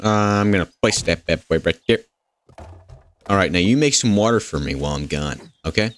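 A man's voice: sits low, lively intonation, brisk, fairly bright tone. A man casually narrating his gameplay, joking, rambling and talking back to the characters in the game. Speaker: gaming host. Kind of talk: goofy gameplay commentary.

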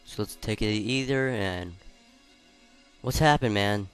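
A man playing a video game and chatting about it in casual commentary, swearing freely and reacting loudly. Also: lowish voice, takes it slowly, clean tone, soft background music. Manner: reads game dialogue aloud in between remarks. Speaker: let's player.

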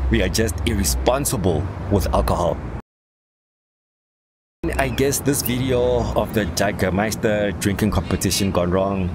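A man hosting a reaction video, reading out viewer comments with wry, sardonic asides. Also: fairly low pitch.

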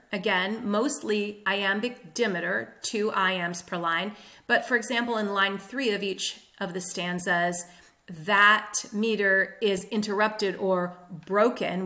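A woman teaching literature in a clear, steady lesson, tapping out stresses with spoken beats. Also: mid-range voice. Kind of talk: explanatory lesson.

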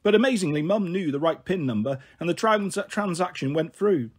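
Husky male storyteller, lively and high. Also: moderate pace. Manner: expressive first-person narration. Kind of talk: audiobook reading of a children's novel.

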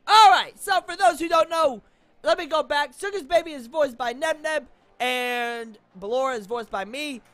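A woman's voice: high voice, moderate pace, fairly bright tone, no echo, faint music behind. A woman from Boston, a YouTuber, giving playful, rambling commentary while showing character voices in a game. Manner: playful and rambling, with frequent laughs.

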